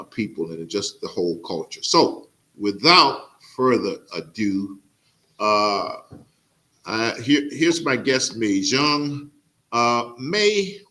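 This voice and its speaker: Halting, earnest man hosting a podcast. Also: fairly low pitch, bright, forceful tone. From Mississippi, USA. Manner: halting, many "uh" fillers, earnest. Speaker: podcast host. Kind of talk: casual interview introduction.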